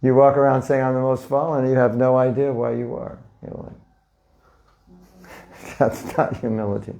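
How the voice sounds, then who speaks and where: Speaking with a level, mellow, somewhat creaky voice at medium pitch and moderate pace, a man teaches a live audience. As a spiritual teacher giving an informal lecture, he converses with them, frequently asks questions, and acts out little scenes.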